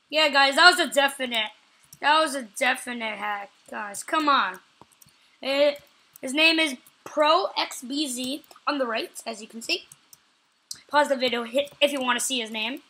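This is a woman hosting her own gaming channel with live commentary, her voice high and bright. Her pace is unhurried and she pauses often, though she talks excitably, repeating short phrases and yelling out each time she catches something.

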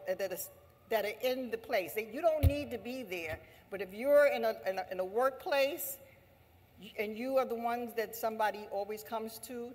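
Woman, rally speaker, passionate, repetitive cadence, higher voice, long hall reverb. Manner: fervent, repetitive, preaching cadence. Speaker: speaker at an anti-imperialist assembly. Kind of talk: impassioned rally speech. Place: large hall.

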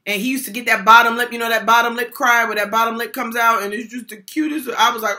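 A woman's voice: a little high, fairly even intonation, fast talker, few pauses, bright, forceful tone. An older woman giving a motivational workshop talk on supporting people, speaking emphatically in a folksy way and repeating key phrases.

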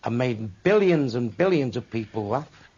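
An older man, a stand-up comedian, telling crude jokes full of swearing with deadpan punchlines. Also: mid-range voice, moderate pace, husky. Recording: muffled lo-fi with faint hiss.

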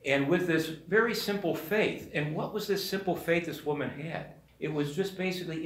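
A man's voice: a little high, moderate pace, hardly any pauses, a bit bright. A man, a parish priest, giving a sermon in a conversational storytelling manner and briefly acting out the voices in the story. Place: church. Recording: echoey church room.

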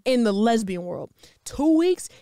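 A woman's voice: on the high side, very animated, measured pace, creaky, warm tone. A young woman co-hosting a podcast, talking in a laid-back, confident, slangy way. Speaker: podcast co-host. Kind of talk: casual chat.

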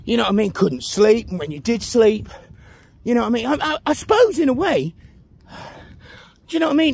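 A man's voice: sits high, gravelly, breathy edge. Breathless man vlogging on a walk. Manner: chatty, keeps asking the viewer "you know what I mean". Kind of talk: casual walk-and-talk vlog. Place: outdoors on a village road.

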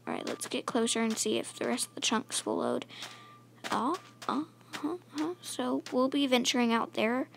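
Gamer girl rambling thru her minecraft run, kinda mumbly, fry in her voice, noisy mic hiss. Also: fairly high pitch, sing-song, normal speed. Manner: rambling, mumbly chatter to game animals. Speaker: gaming channel host. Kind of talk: casual Minecraft let's-play commentary.

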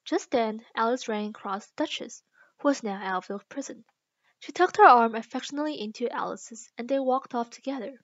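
A woman's voice: a little high, no echo, lo-fi sound. Woman reading a storybook aloud. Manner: slow, careful reading with small restarts. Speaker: reader. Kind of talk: reading a children's book aloud.

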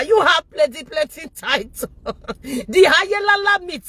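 A woman with a Nigerian accent giving mocking, animated live-stream commentary, often laughing and raising her voice. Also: very high-pitched, unhurried, no room sound. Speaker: social media commentator.

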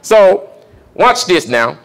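A young male pastor preaches in a relaxed, conversational way, often turning to ask his listeners questions. His voice sits a little higher than most men's. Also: slow. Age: young adult. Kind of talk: sermon teaching.

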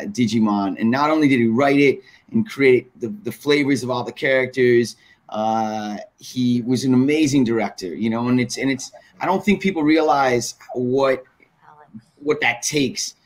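Man, voice actor guest, reflective, filler-heavy, mid pitch. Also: moderate pace. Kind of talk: casual chat.

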